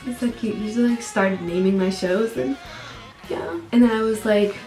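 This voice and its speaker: A woman's voice: fairly even intonation, normal speed, warm tone, soft background music. Chatty young American woman, echoey room. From United States. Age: young adult. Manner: chatty, full of "like", acts out quotes in a higher voice. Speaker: vlogger. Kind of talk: casual storytelling to camera.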